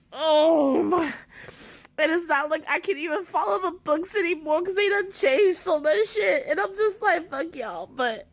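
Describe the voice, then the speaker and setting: A woman making a casual vlog while crying, teary and worked up, swinging between shrill outbursts and quiet lines. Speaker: book vlogger.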